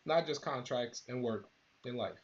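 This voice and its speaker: A man's voice: medium pitch, moderate pace, dull audio. Laid-back man on a live stream. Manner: laid-back, rambling, talks straight to viewers. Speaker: battle rap channel host. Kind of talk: casual live-stream commentary.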